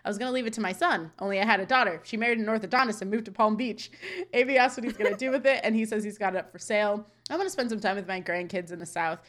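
A woman's voice: medium pitch, rapid-fire, fairly bright tone. A woman co-hosting a podcast, recapping a sitcom episode scene by scene in casual chat, quoting lines and laughing often. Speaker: podcast co-host.

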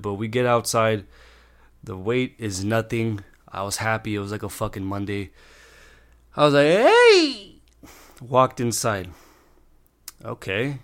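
A man's voice: on the low side, fairly bright tone, clear, resonant tone. A young man telling a story as a vlogger, rambling and exasperated, swearing freely. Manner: profane, exasperated, rambling with restarts. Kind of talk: storytime rant.

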